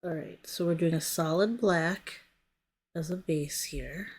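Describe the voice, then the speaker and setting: On the low side and husky, the voice of this American nail product stylist moves at a measured pace. She keeps her nail tutorial casual, describing her hands' work and regularly trailing off before self-correcting.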